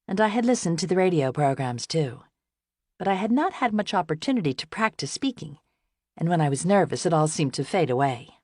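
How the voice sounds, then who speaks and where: A woman reading a novel aloud as an audiobook narrator, in gentle, even first-person storytelling. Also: sits low, dry recording, clean studio sound.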